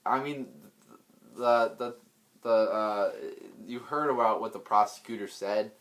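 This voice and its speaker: A man's voice: fairly low pitch, unhurried, fairly bright tone. A man delivering an unscripted political rant, blunt and profane, rambling with many restarts and repeated words. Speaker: political vlogger.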